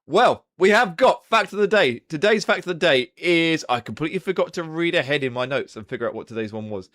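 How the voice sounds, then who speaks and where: A young man talks to his live-stream viewers in a loose, rambling way and swears casually. His voice sits a bit high for a man. His pitch jumps up and down a lot. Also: expressive, brisk, a bit bright. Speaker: livestream host.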